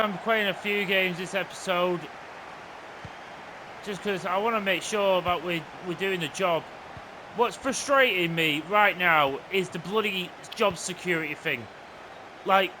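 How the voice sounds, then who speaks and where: A young man commentating his own football video game, excitable and openly venting at the play. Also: sits high, background noise. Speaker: gaming channel host. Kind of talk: live gameplay commentary. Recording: game music playing underneath.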